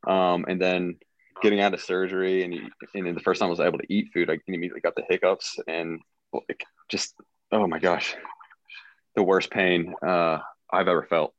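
A man's voice: low-pitched, level tone, normal speed, dry recording, lo-fi sound. A man, a guest on an interview, telling stories in a laid-back, joking way. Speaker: guest recovering from a gunshot wound. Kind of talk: casual podcast interview storytelling.

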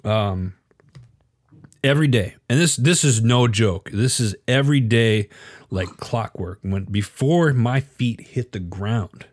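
A man's voice: medium pitch, takes it slowly, no room sound. Earnest middle-aged man, dry close sound. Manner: earnest, confiding, repeats words while thinking. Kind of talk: casual faith chat.

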